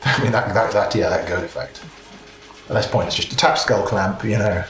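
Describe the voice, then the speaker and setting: A man's voice: lowish voice, moderate pace, fairly bright tone. A man playing a card game at a board game cafe, chatting and commenting on the other players' moves. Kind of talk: casual game-table chat. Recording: roomy cafe with music behind.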